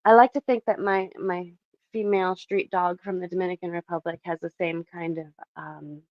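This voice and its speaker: A woman's voice: fairly low pitch, steady tone, moderate pace, no room sound, muffled recording. A young woman from Canada chatting casually and animatedly with her livestream viewers from her bedroom, laughing often. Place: home bedroom.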